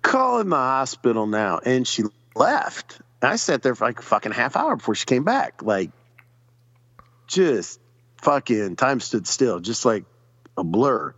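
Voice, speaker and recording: A man's voice: mid-range voice, very animated, a little slow, a bit bright, breathy edge, no room sound, muffled recording. A man telling a long personal story in casual, profane chat, acting out other people's lines as he goes. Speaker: podcast guest.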